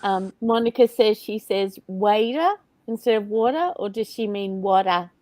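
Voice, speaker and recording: A woman's voice: medium pitch, moderate pace, warm tone. An Australian woman co-hosting a craft chat, chatty and laughing often as she reads out viewer comments. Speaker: craft show co-host. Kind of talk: casual chat while crafting.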